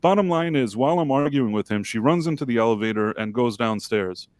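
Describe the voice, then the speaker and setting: A man's voice: medium pitch, animated, brisk, a little mellow, dry recording. A man co-hosting a live stream, telling a story casually in a rambling, self-deprecating way with many fillers and restarts. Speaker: livestream co-host.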